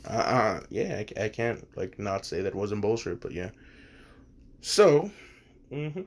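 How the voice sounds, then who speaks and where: A man's voice: lowish voice, big pitch swings, takes it slowly. A man casually retelling a fan story, rambling and swearing, with many fillers and asides.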